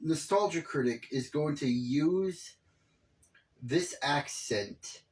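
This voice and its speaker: Slow, exasperated man ranting. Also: on the high side, a little mellow. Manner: exasperated, profane, rambling. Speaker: video commentator. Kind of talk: casual reaction commentary.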